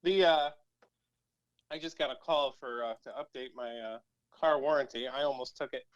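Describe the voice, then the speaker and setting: A man's voice: medium pitch, moderate pace, dry recording, muffled recording. Joking, mock-indignant male contestant. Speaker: game show contestant. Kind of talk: casual comedic banter. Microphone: phone call.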